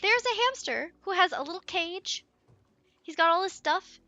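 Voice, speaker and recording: A woman giving let's play commentary, excitable and giggly, chatting to her viewers and cooing at in-game pets. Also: very high-pitched, normal speed, no echo, muffled recording.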